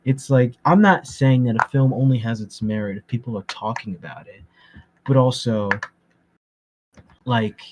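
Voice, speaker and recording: A man's voice: mid-range voice, normal speed, long pauses, background noise. A man co-hosting a podcast, talking emphatically and profanely and repeating himself. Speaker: podcast co-host. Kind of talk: casual chat.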